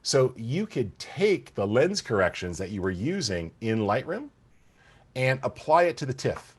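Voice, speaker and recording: A man teaching photo-editing software in an enthusiastic, conversational tutorial, talking straight to the viewers. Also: mid-range voice, big pitch swings, a little slow, breathy edge. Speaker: software instructor. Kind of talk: screen-recorded software tutorial.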